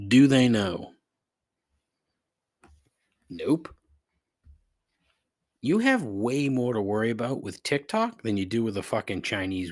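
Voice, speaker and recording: A man with a low, husky voice delivers a sarcastic, profanity-laced solo podcast rant. His pitch leaps up and down as his exasperation builds. The sound is dry and close to the mic. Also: no room sound. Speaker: podcast host.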